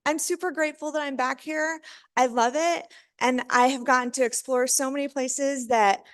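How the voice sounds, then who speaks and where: A woman from Missouri in her thirties presents to a live audience in a chatty, upbeat way. Her voice sits a little high. She talks loosely, with fillers and frequent laughs. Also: steady tone, normal speed. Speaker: author giving a talk.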